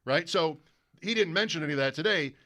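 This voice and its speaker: A man hosting sports radio tells a drawn-out tale amid casual studio chat, his voice a little high and fairly quick. He stays animated, imitating how broadcasters make their calls.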